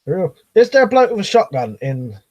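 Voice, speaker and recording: A man's voice: high-pitched, very animated, normal speed, a little mellow. Swearing man reading stream chat. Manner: rambling, swears casually, reads comments aloud. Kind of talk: casual live-stream chat.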